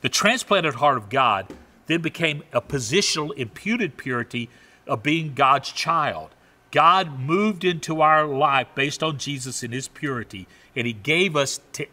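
A man's voice: fairly high pitch, bright, forceful tone. A man pastor delivering a sermon with emphatic preaching, drawing out the key phrases. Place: church sanctuary. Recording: long church hall reverb.

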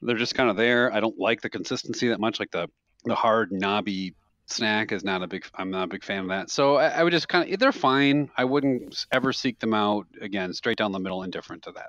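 Animated man telling stories on a podcast. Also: on the low side, a little fast, dry recording, lo-fi sound. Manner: animated storyteller, laughs often. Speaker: podcast co-host. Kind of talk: casual chat.

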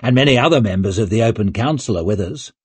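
A man voicing a smooth, scheming male nobleman who talks in a persuasive, calculating way. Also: fairly low pitch, lively intonation, fast, no room sound.

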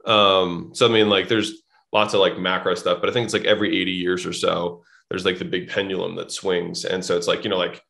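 This man is a podcast guest swapping blunt, casual stories, cursing freely and playing both parts of each conversation. His voice is deep and fairly quick, with flat delivery, vocal fry, and a pushed, bright quality.

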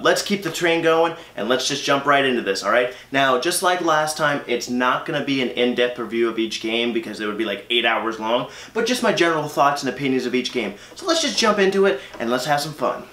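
A man's voice: mid-range voice, pushed and bright. A man hosting a casual video game collection vlog, chatty and opinionated, with frequent ums and uhs. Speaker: gaming channel host. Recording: echoey room.

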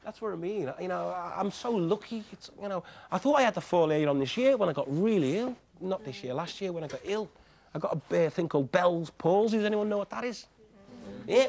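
A man's voice: on the high side, creaky, a little mellow. A man, a TV guest, answering audience questions in a rambling way with lots of fillers and chuckles. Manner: rambling, frequent "you know" fillers, chuckles often. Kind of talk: studio TV question session.

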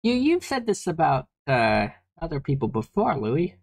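A woman's voice: low voice, very animated, normal speed, creaky, darkish tone, slightly rough. A woman co-hosting a comedic podcast, stammering and flustered, often repeating her words. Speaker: podcast co-host. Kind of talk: comedic vtuber podcast banter.

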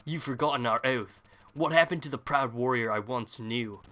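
An earnest young knight hero appeals to his old rival in formal phrases, as a man puts him on. The tone is bright and a little raised. He sounds dutiful and sincere. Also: medium pitch, normal speed, close to an everyday voice.

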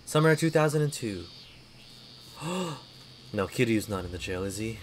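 A man's voice: lowish voice, lively intonation, normal speed, a little hiss or hum. Rambling self-deprecating male streamer. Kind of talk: casual gameplay commentary.

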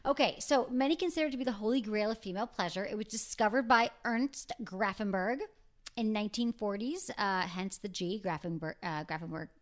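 A woman's voice: mid-range voice, a little fast. A woman hosting a casual, frank chat, talking freely and laughing easily. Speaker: host.

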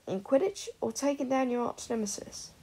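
A woman voicing a bookish, dry-witted teenage schoolboy in an audiobook, with a husky voice. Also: a little high, expressive, moderate pace, warm tone, pitched above the performer's own voice. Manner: dry, offhand.

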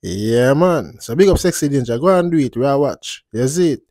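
Male host, relaxed rambling commentary, mid pitch, dry close sound. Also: a little fast, no room sound. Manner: laid-back, drifting, repeats "you see me". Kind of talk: casual commentary vlog.

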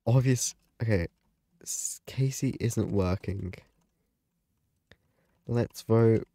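A man's voice: fairly low pitch, very slow, dark tone, no room sound, clean studio sound. A man giving live gaming commentary, dramatic and panicky, often exclaiming and laughing. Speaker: gaming video creator.

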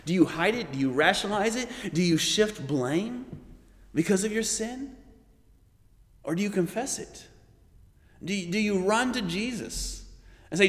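A man leading a Bible study, teaching with animated delivery and often checking in with "right?". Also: sits high, a little slow, long pauses, in a large hall. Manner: animated, acts out quoted voices, frequent "right?".

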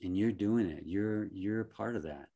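A man working as a life coach, giving a gentle, reflective motivational talk with frequent soft chuckles and halting restarts. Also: fairly low pitch.

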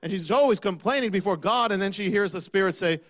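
A man preaching a sermon, asking rhetorical questions and dropping low on key lines. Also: fast talker, fairly bright tone.

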